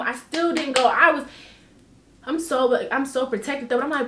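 A woman vlogger telling a personal story in casual storytime style, animated and emphatic, swearing freely. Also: high voice, normal speed, reverberant, slight background noise.

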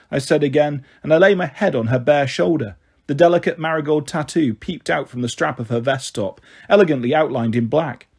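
A man reading a children's novel aloud as a storyteller, in a calm, even manner. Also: mid-range voice, a little fast, slightly rough.

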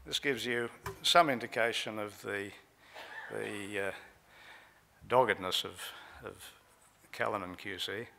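Man, conference talk, lowish voice, gravelly, crisp bright tone, measured with filler pauses. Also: slight background noise. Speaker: legal speaker at a conference. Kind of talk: conference talk recounting trial transcripts. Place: conference hall.

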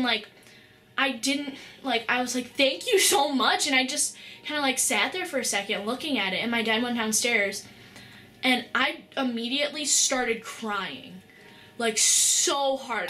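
Bright-voiced excited teen girl vlogger. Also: high-pitched. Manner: excited, rambling, full of "like" and restarts. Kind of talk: casual storytelling vlog.

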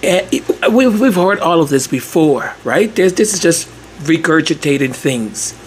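A male vlogger chatting through his commentary at a slow, easy pace. His voice sits a bit high for a man, and he keeps stringing thoughts together with "like". A faint hum of room noise sits behind him. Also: lively intonation. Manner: chatty, leans on "like" and restarts. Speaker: commentary channel host. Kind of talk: casual vlog commentary.

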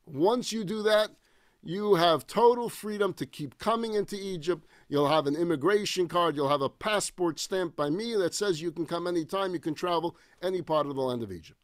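Male rabbi lecturing on scripture, expressive and conversational, with a slightly high, dry voice. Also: normal speed, no echo. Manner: expressive, reads verses then retells them in casual paraphrase. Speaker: rabbi teaching a class. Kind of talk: Bible study lecture.

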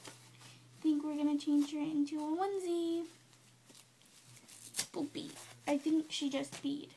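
A woman filming herself on her phone, softly hushing and soothing a baby while chatting casually to her viewers. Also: sits high, flat delivery, measured pace, slight background noise. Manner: soothing, hushing, often soft and whispery. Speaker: vlogger caring for a baby. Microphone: handheld phone.

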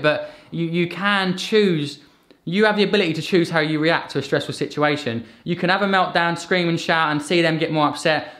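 Animated man in his thirties. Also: fairly high pitch. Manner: earnest, animated storytelling with acted-out quotes. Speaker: podcast guest, fitness coach. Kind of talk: casual conversation.

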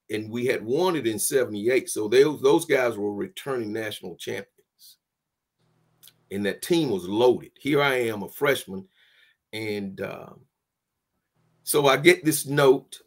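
A man, a former football player telling a lively story in an interview, with folksy phrasing and laughs. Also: medium pitch. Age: 60s.

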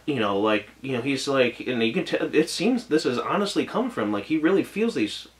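A man with a medium-pitched voice talks through an anime episode in a loose, unscripted review. He gushes with feeling, restarts his sentences often and lets his thoughts trail off. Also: big pitch swings, normal speed, few pauses. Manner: gushing and emotional, rambling with many restarts. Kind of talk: casual spoken episode review.

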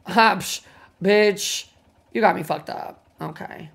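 A woman streamer chatting casually while gaming, excitable, swearing freely and gushing thanks to her viewers. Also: medium pitch, slow pace, creaky, husky. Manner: excitable, swears a lot, gushes over viewers. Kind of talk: casual game livestream chatter.

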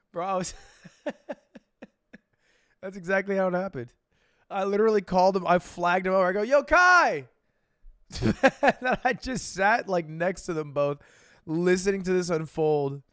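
A man's voice: sits high, steady tone, normal speed, pauses often, clear, resonant tone, no room sound, studio quality. A man in his twenties giving casual, rambling reaction commentary, laughing and packing his talk with fillers. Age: 20s. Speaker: streamer reacting to a video.

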